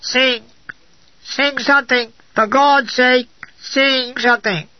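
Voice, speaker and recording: Man doing a languid plummy army officer, high-pitched, bored, dull lo-fi sound. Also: measured pace, no echo. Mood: pleading. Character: bored upper-class male army lieutenant.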